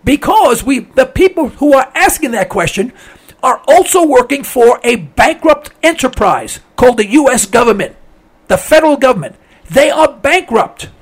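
Hosting a call-in radio show, this man delivers emphatic, opinionated commentary and calls his listeners "folks." His extremely high-pitched voice is very animated at a normal speed, and it gives out as he clears his throat.

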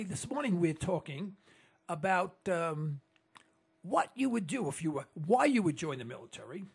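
A man's voice: on the high side, breathy edge. A man hosting a political talk radio show, rambling and emphatic, repeating words and restarting sentences.

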